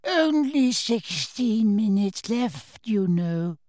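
Man putting on a fussy old wizard examiner, soft and slow. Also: high-pitched, lively intonation, no room sound, pitched above the performer's own voice. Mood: anxious. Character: fussy elderly male wizard examiner, mild and proper. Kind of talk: audiobook character voice.

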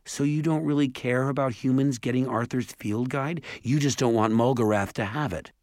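A man voicing a defiant, anxious young boy in a storybook reading, his voice raised higher and quicker. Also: a little mellow, dry recording, clean studio sound, close to an everyday voice. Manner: urgent and insistent. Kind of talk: audiobook character voice.

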